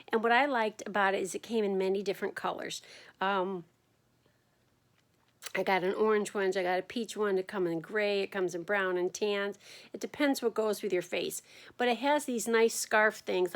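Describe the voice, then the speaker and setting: A woman sharing her experience in a casual video diary, talking to the camera at home in a tired, unhurried way with frequent ums and yawns. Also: mid-range voice. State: fatigued from chemotherapy. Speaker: vlogger sharing her chemotherapy journey.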